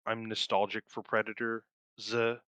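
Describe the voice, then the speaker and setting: Young guy on a podcast, lowish bright voice, swears a lot, rambles, laughs a bunch, dry sound. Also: little pitch movement, normal speed, clear, resonant tone, no room sound. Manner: rambling, profane, laughs often, enthusiastic. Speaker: podcast co-host. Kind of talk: casual film review chat.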